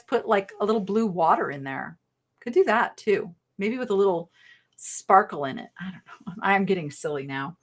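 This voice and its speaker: A woman's voice: medium pitch, a bit bright. A middle-aged woman hosting a live online sale in a chatty, rambling way, thinking aloud as she shows items. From American South. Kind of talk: casual live selling chat.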